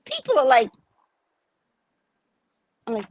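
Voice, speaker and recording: A woman's voice: mid-range voice, sing-song, a little slow, muffled recording. A woman from New York, a psychic tarot reader, chatting sarcastically through a live-stream reading and laughing at her own jokes.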